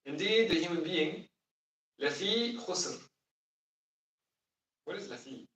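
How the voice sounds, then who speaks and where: A man with a high, fairly bright voice leads a lesson on Quranic Arabic, animated yet slow-paced. He patiently explains and puts questions to his class, heard from a distance with roomy sound.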